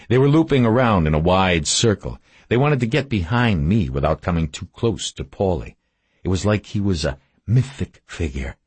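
A man narrates a first-person story in a very deep, husky voice. His delivery is terse and measured, kept low-key from line to line, in a dry recording. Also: no echo. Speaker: audiobook narrator.

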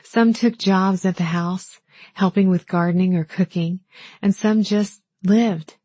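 A woman narrating a first-person novel in a calm, measured, gently wistful way. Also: medium pitch, breathy edge, no room sound. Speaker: audiobook narrator.

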